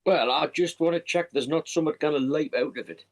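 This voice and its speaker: A man's voice: a little high, brisk. A man playing a tabletop game, matter-of-fact and cautious. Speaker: player.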